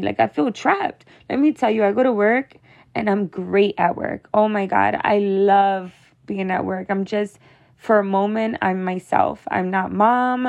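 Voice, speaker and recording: A woman's voice: medium pitch, gravelly, muffled recording. A young woman talking to her viewers as a mother, venting in a casual, rambling, emotional way, full of "like" and "you know.". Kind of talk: casual confessional monologue.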